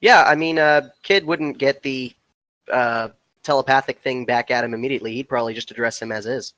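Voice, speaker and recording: Bright-voiced man playing a tabletop game. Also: medium pitch, fairly quick, dry recording. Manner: hesitant, filler-heavy. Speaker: player. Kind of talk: in-character tabletop play.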